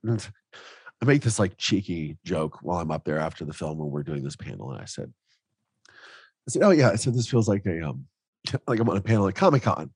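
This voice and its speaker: A man's voice: low voice, very animated, a little fast, pauses often, a little mellow, husky, no room sound. A man guesting on a podcast, telling his story in a heartfelt way, at times close to emotional. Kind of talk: casual interview chat.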